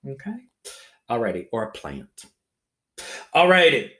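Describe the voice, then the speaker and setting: A man teaching a phonics lesson to young pupils, slowly sounding out syllables and checking in with a bouncy "okay?". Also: mid-range voice, huge pitch swings, sharp tone. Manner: slow, exaggerated sounding-out of syllables; ends phrases with a bouncy "okay?".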